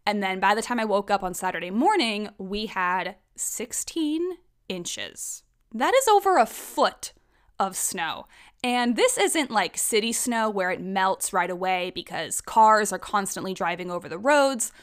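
A young woman hosting an astrology podcast, telling weekend stories in a chatty, animated way with some swearing. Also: medium pitch, a little slow, clean tone. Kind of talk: casual chat.

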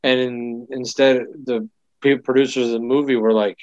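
A man's voice: medium pitch, level tone, moderate pace, dry recording. A man co-hosting a casual chat, rambling with lots of fillers and restarts. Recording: dull lo-fi dry sound.

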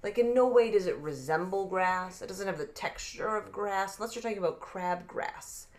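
A woman's voice: medium pitch, moderate pace, darkish tone. A woman co-hosting a casual podcast, emphatic and argumentative, swearing freely as she picks apart wording. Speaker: podcast co-host.

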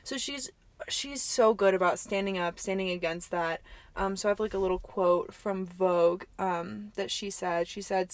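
A woman's voice: medium pitch, moderate pace, dry recording. A young woman co-hosting a podcast in casual chat, talking loosely with lots of fillers. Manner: chatty, lots of likes and ums. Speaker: podcast co-host.

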